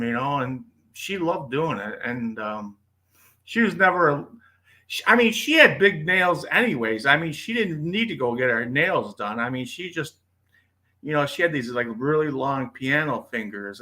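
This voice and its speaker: A man chats casually and rambles, with "you know" scattered through his sentences. His voice is bright and sharp and sits a little high for a man. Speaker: chat participant. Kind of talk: casual chat.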